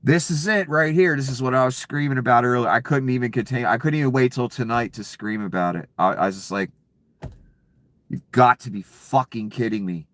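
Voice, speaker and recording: A man's voice: mid-range voice, a little fast, fairly bright tone, no echo. A man delivering an angry, profane political rant, sarcastic and furious. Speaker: political commentator.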